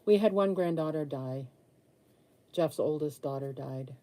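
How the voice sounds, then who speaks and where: A woman's voice: deep voice, measured pace, dark tone. A woman in her sixties, chatting candidly with viewers while she paints during a live stream. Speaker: livestream host answering viewer comments.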